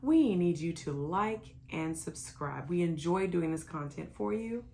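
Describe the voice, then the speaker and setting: A woman co-host speaks in a low, gravelly, mellow voice. Her pitch moves in lively swings as she chats casually. She adds short, playful agreements to the conversation. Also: a little slow, slight background noise. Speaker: podcast co-host. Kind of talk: casual chat.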